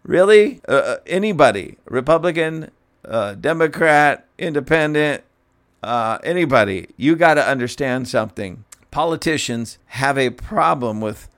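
A man hosts a political commentary show, talking straight to his listeners in a casual, mocking tone. He keeps breaking into laughter mid-sentence and picks himself back up. His pitch sits in the ordinary middle range for a man. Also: expressive, normal speed, fairly bright tone.

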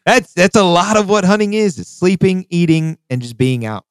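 A man hosting a casual podcast, cursing often and reliving a hunting trip in a lively, laughing way. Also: high voice, normal speed, smooth, no echo. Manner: profane, animated retelling with acted quotes. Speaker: podcast host. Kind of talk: casual storytelling chat.

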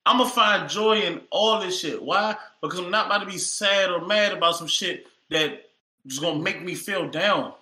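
A man's voice: high voice, normal speed, bright, forceful tone, echoey room. A man co-hosting a podcast in casual, profane chat, joking and upbeat. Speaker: podcast co-host.

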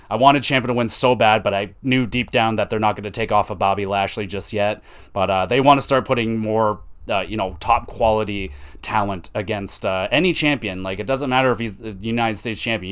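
A young man hosting a wrestling podcast, casually recapping matches with excited outbursts and plenty of swearing. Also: on the low side, clear, resonant tone. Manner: excitable, swears freely, ranting.

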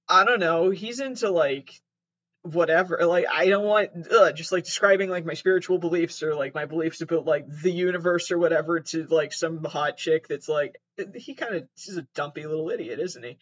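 A man's voice: a little high, fairly quick, few pauses, highs cut off. A man sitting on his mattress at home, reading aloud and riffing in a rambling, sarcastic, self-deprecating way, with some swearing. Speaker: host. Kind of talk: casual commentary, reading aloud.

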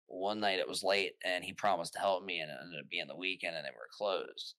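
A man telling stories as a podcast guest in casual chat, rambling and animated, restarting often. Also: deep voice, brisk, dry recording.

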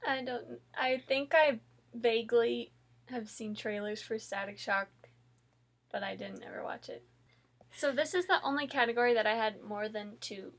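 A woman's voice: fairly high pitch, normal speed. A woman chatting casually, bubbly and laughing as she talks. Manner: bubbly, laughing while talking. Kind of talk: casual chat.

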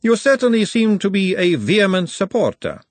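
A man's voice: sits high, sing-song, moderate pace, no echo, voice pushed up. A man voicing a refined, clever middle-aged woman who speaks in a precise, formal way, her voice set well above his own. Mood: cool, amused.

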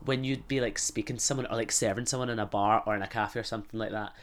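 Sweary Glaswegian man, lowish voice. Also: steady tone, quick pace. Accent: Glaswegian Scottish. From Scotland. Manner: sweary, rambling and giggly. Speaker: podcast host. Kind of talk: casual comic chat.

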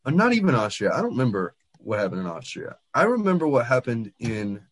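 A man's voice: mid-range voice, huge pitch swings, fast talker, breathy edge. A man in casual chat, teasing a friend and complaining in an exaggerated way with frequent laughs.

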